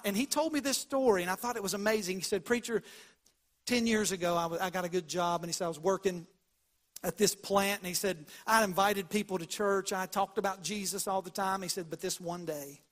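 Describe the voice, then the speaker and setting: A male pastor preaching a sermon, telling stories with dramatic swings between loud and hushed delivery. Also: high voice.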